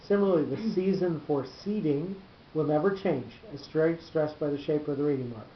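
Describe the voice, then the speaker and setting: A man teaching a small class at a measured, halting pace, circling back over his own words as he explains. His voice sits a little higher than most men's. The room is echoey and the recording is dull and lo-fi with a faint hiss. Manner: measured, halting, repeats words while thinking.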